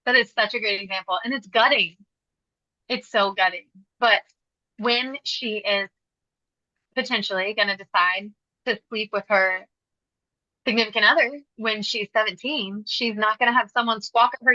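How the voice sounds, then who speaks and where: Woman podcast host, bright sharp voice, emphatic and direct, dry muffled sound. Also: mid-range voice, moderate pace, dry recording. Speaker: podcast host and parenting coach. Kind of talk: podcast teaching talk.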